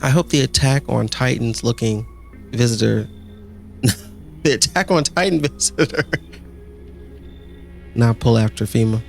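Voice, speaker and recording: A young male streamer talks through his game in a gravelly, creaky voice, firing off excitable, profane reactions. Faint game music plays softly behind him. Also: mid-range voice, a little slow, pauses often. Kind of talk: live gameplay commentary.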